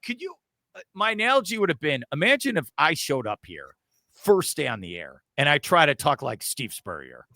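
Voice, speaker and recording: A man co-hosting casual sports talk, excitable and joking. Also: on the high side, normal speed, no room sound, clean studio sound.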